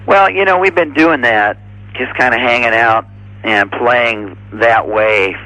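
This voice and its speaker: A man being interviewed as a drummer, speaking in an easygoing, halting way with lots of fillers. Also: mid-range voice, pushed and bright, no echo, rough recording. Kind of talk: casual interview answers.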